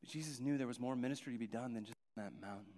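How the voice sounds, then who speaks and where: A man's voice: medium pitch, racing, warm tone. A man preaching a sermon, earnest and restarting his phrases as he goes. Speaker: pastor. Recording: long hall reverb.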